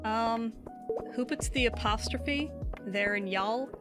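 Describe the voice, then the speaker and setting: A woman's voice: fairly high pitch, slow pace. A woman with a Southern US accent, chatting and reading chat aloud while streaming a game, laughing often. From Southern United States. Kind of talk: casual live-stream chat. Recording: game music playing behind the voice. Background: game music.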